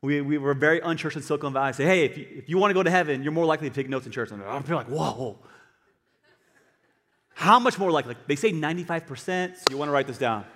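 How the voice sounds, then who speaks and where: A male pastor giving an animated sermon, swinging between quiet asides and loud emphatic bursts. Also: on the high side, quick pace. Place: church hall. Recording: long hall reverb.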